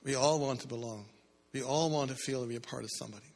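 A medium-pitched, darkish-toned male voice delivers a sermon at a quick pace in a church hall with an echo. The preacher keeps asking the crowd "how many" questions, building momentum in bursts.

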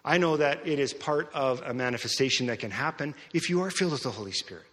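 A man's voice: medium pitch, animated, fast, a bit bright. A middle-aged man, a pastor, preaching a sermon in a conversational storytelling way. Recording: long hall reverb.

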